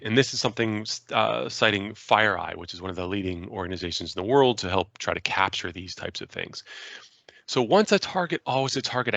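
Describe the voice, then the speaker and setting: A man presenting in a relaxed, conversational way, with a slightly low voice and a bright, forward edge. He stresses his key points and sometimes speeds up to run through a list of times. The sound is dry and close, with no room around it. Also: vocal fry, no echo. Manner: conversational, stresses key points, returns to a brisk timeline read. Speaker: presenter on cybersecurity. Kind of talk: recorded presentation.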